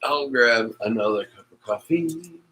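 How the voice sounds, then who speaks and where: A man's voice: medium pitch, expressive, measured pace, very noisy. A man hosting a casual solo chat show from home, rambling and wry with self-mocking asides. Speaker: host.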